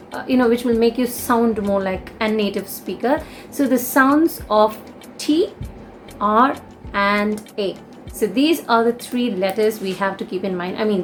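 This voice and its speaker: Young woman with an Indian English accent, teaching at a mid pitch over faint music and explaining carefully. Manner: explanatory, with many fillers and restatements. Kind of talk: casual video lesson.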